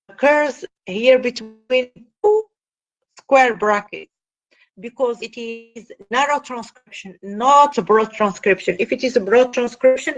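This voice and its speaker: A woman's voice: fairly high pitch, muffled recording. A woman teaching linguistics in a classroom lecture, explaining step by step with frequent fillers and repeated phrases.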